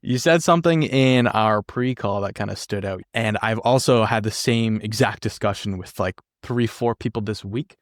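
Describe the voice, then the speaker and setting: A man's voice: on the low side, moderate pace, hardly any pauses, no room sound, clean studio sound. A man hosting a podcast, asking open questions in an easygoing way with brief reactions. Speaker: podcast host. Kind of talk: interview questions.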